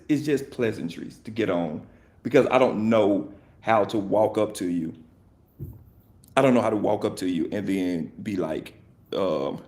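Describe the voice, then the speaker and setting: A man hosting a podcast, talking in a casual, rambling and jokey way, correcting himself and laughing often. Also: lowish voice. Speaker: podcast host.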